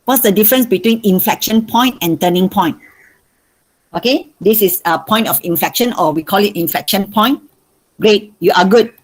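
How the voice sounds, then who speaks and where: A Malaysian woman teaches a maths revision class over a video call. She asks her questions again and again until students answer, in a voice of middling pitch. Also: normal speed, slightly rough, poor audio. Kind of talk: online revision lesson.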